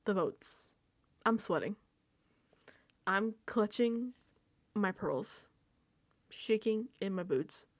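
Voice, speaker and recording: A woman's voice: medium pitch, takes it slowly, pauses often, no echo. A woman hosting a casual reality TV recap, animatedly acting out her reactions into a microphone. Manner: animated, acts out her own reactions and quotes. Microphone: desk microphone.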